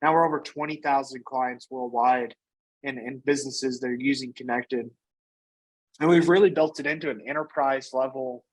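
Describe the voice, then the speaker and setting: Man, interview guest, casual energetic storytelling, average pitch, frequent "you know". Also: low-quality recording. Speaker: guest, company founder and CEO.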